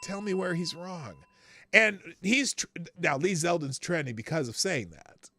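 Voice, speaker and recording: A man's voice: on the high side, unhurried, bright, forceful tone, no room sound. A man hosting a political commentary livestream, blunt and profane, rambling with restarts and short laughs. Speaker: host.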